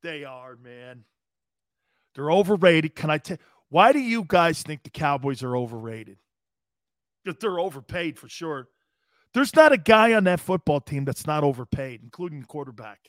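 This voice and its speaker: A brash sports talk host with a high-pitched voice needles viewers and swears freely while answering live comments, combative yet playful and talking straight to his audience. He speaks at a moderate pace with big pitch swings, in a dry recording with no room sound.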